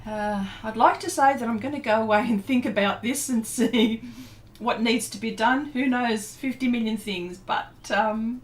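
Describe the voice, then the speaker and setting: A woman's voice: fairly high pitch, normal speed. A woman, chatting casually and laughing often as she paints on a livestream and answers her viewers. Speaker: artist livestreaming a painting session. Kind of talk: casual chat while painting.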